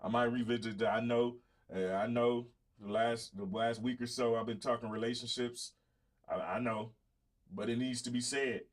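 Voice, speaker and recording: A man's voice: medium pitch, fairly even intonation, normal speed. Blunt man preaching to his viewers. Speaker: show host. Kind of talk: casual live-stream talk.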